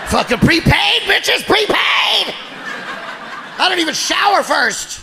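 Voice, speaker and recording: A male stand-up comedian performing a loud, profane set on a club stage and shouting his punchlines into a handheld mic. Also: very high voice, expressive, unhurried, vocal fry, big-room sound. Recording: live club with crowd laughter and noise.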